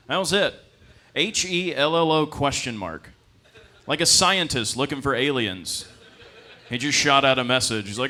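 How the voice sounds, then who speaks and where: A man in his twenties performing a stand-up comedy set, telling stories with deadpan asides and jumping into high-pitched voices for the characters he quotes. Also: normal speed. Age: 20s. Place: comedy club stage.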